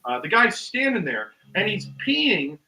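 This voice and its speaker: With a high pitch that swings widely, this guest musician spins a long, rambling tale in casual conversation, slightly slow, peppered with ums and uhs. He acts out quotes with laughter in a bright, forceful voice, captured far from the mic on a rough recording.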